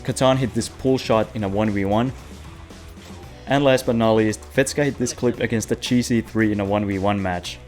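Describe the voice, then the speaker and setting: A man's voice: on the low side, steady tone, moderate pace, a little mellow, soft background music. A young man hosting a casual gaming news roundup, joking and poking fun at himself as he talks into a webcam. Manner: playful, jokey, self-mocking. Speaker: host of a game news show. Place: away from home.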